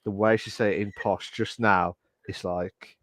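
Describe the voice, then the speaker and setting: A man's voice: on the low side, steady tone, unhurried, a bit bright, no echo, clean studio sound. Teasing man. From English Midlands. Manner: teasing, quizzing the other host on pronunciation. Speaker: podcast co-host. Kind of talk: casual chat.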